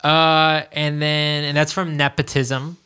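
A man's voice: a little high, little pitch movement, slow, sharp tone, clean tone. A man co-hosting a podcast in casual chat, rambling loosely and laughing often. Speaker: podcast co-host.

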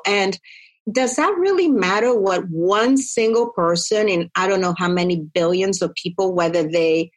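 A woman's voice: medium pitch, normal speed. A woman in casual conversation, talking animatedly and acting out quotes as she tells stories. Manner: animated storyteller, acts out quotes.

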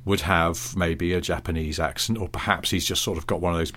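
Low-voiced wry man. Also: fairly even intonation, a little fast, a bit bright, a little hiss or hum. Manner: wry, imaginative, chuckling. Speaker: podcast co-host. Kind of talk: casual comedic chat.

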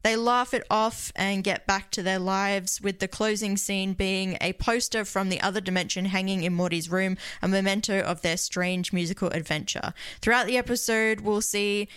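A woman's voice: mid-range voice, steady tone, normal speed, hardly any pauses, a bit bright, smooth, no room sound. A woman co-hosting a podcast, reading an outline aloud in a matter-of-fact way. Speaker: podcast co-host.

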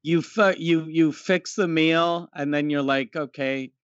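A man's voice: a little high, a little slow, smooth, no echo. Man on a podcast with a dull sound. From Canada. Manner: dry, crude, deadpan jokes. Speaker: podcast co-host. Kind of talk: casual comedic podcast chat.

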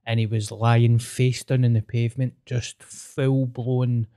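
A man's voice: mid-range voice, flat delivery, measured pace, warm tone, clean tone. A young Scottish man in casual podcast chat, telling stories in a chatty, sweary way.

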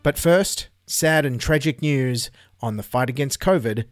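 A man's voice: mid-range voice, measured pace, faint music behind. Sarcastic Australian man hosting comedy news. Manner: sarcastic deadpan jokes. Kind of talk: satirical news commentary.

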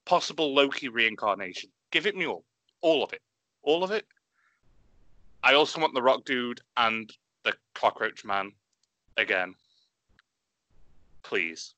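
Excitable man, bright forceful voice. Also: medium pitch, normal speed, long pauses, dry recording. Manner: excitable, swearing, animated. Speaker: podcast co-host. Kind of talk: enthusiastic casual chat.

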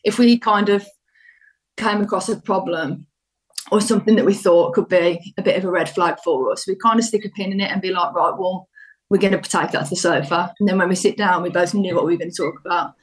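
A woman's voice: medium pitch, brisk, rough recording. A British woman as a podcast guest, chatting freely and filling with lots of likes. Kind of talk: casual podcast chat.

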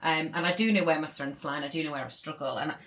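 A woman chatting as a podcast guest, frank and self-mocking, quick to laugh. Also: sits low, fairly bright tone. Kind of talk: casual chat.

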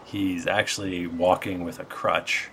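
A man's voice: low voice, level tone, a little slow, creaky, a bit bright, a little hiss or hum. A man narrating as game master in a tabletop game, loose and easygoing with many fillers.

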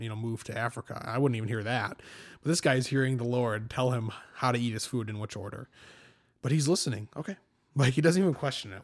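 Animated young man telling stories. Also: medium pitch. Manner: animated storyteller, self-deprecating, laughs often. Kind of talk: casual faith discussion.

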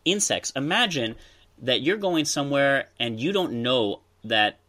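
A podcast host with a mid-range, expressive voice and a sharp tone tells history stories in an unhurried, casual way. He explains the past storytelling-style, tossing in asides to his co-host.

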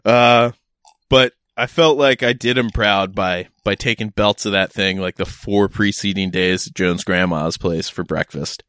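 This young man's voice sits on the low side, fairly bright, with fairly even intonation and a measured pace, recorded with no room sound. He's a podcast co-host chatting casually, telling stories that ramble along with frequent restarts and laughter.

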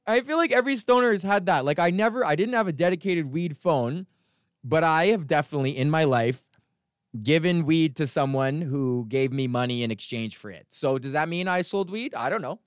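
A man's voice: fairly high pitch, fairly quick, smooth, dry recording, clean studio sound. A man hosting his own podcast, telling rambling, profane stories in a casual rant, from Canada. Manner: profane, rambling storytelling with laughs. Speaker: podcast host.

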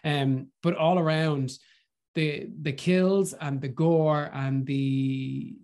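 A man's voice: on the high side, slow. Effusive Irish man gushing about films. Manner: gushing and animated, with lots of restarts. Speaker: podcast guest. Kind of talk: casual film review chat.

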